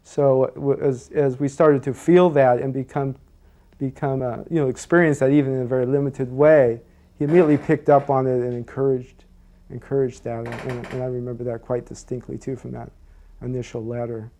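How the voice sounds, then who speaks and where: A man reflecting thoughtfully in an interview, speaking softly and trailing off with fillers. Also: mid-range voice, level tone, brisk. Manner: thoughtful, soft-spoken, with many fillers and trailing off. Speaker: devotee sharing memories.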